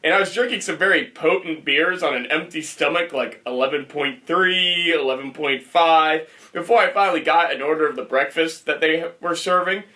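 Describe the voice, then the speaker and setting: A man's voice: a little high, moderate pace, sharp tone. A young man casually telling a rambling story on a podcast, laughing as he goes. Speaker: podcast co-host.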